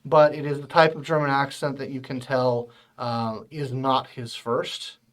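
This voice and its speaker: A male game master calling rolls in a tabletop game, pausing often with fillers and restarts. His voice sits mid-range, unhurried between bursts. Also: mid-range voice, flat delivery. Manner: halting, full of fillers.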